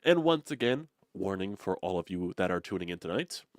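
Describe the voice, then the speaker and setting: Congested man, low voice, casual sports talk. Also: very animated, brisk, no room sound, studio quality. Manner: rambling, lots of "you know" fillers. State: congested, blocked nose. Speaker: sports channel host.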